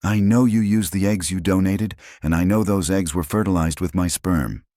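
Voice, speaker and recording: Remorseful ex-husband, earnest and pleading, very deep voice played by a man. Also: normal speed, warm tone, dry recording, clean studio sound, natural voice. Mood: urgent. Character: remorseful divorced man, desperate to make amends.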